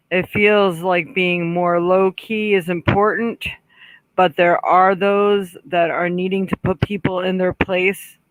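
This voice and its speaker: A woman's voice: fairly low pitch, a bit bright, no room sound, rough recording. A woman psychic hosting a live stream, chatting casually with viewers and passing on messages she says come from spirit. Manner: frequent throat clearing and small laughs. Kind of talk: casual live-stream chat and card reading.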